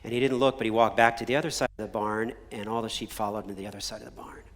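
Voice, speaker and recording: A man preaching a sermon as a pastor, earnest and measured, sinking to a soft near-whisper on key phrases. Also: fairly low pitch, flat delivery, in a large hall. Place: church sanctuary.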